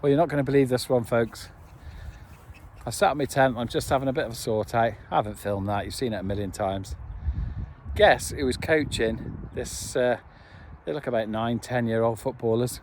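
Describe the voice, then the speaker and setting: Recording outdoors on a phone camera, a man vlogs about his back-garden camp in a cheerful, jokey, enthusiastic way. His voice is mid-range at a normal speed, with a little hiss or hum in the background.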